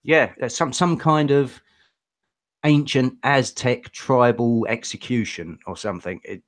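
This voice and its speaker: A man's voice: medium pitch, unhurried, no room sound. Blunt English man on a dry mic. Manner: blunt, opinionated. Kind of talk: casual opinionated chat.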